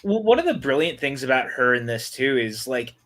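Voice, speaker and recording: A man's voice: mid-range voice, very animated, brisk, a bit bright. A man co-hosting a casual movie watch-along, chatting enthusiastically about the film. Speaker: podcast co-host.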